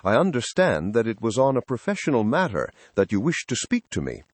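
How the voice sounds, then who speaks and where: A man's voice: medium pitch, wildly swooping pitch, a little fast, dry recording. A man voicing an earnest, polite young engineer telling his own story in an audiobook. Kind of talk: audiobook first-person narration.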